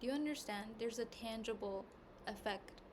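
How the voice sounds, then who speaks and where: A woman podcast host telling a personal story in a candid, rambling way, with lots of "like", at times hushed and at times loud. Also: a little high, moderate pace. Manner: rambling and candid, heavy use of "like", swings between hushed and loud. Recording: noisy background hiss.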